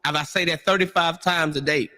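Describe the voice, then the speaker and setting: High bright-voiced guy on a panel, acts out all the quotes, big echoey room. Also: brisk. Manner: animated storyteller, acts out quotes. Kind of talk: animated panel discussion.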